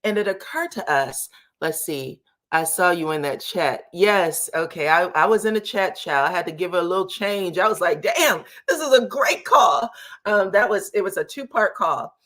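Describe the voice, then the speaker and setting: A woman's voice: lowish voice, moderate pace, a bit bright. A woman hosting a casual livestream chat, greeting her viewers one by one and talking about celebrity gossip. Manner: chatty, greets viewers by name, says y'all. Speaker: YouTube commentary host.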